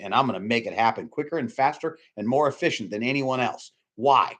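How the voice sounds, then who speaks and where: A preacher gives a loose, informal sermon to his congregation at a fast clip. He rambles, restarts sentences and repeats himself, lurching between loud, emphatic bursts and quiet, low murmurs.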